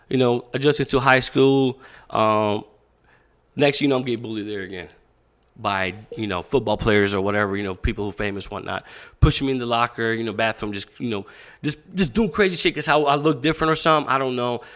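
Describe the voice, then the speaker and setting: A man's voice: mid-range voice, fairly quick. A man, a boxing coach, telling stories as a podcast guest in a casual, profane way. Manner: animated, profane, acts out quoted speech. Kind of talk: casual interview storytelling.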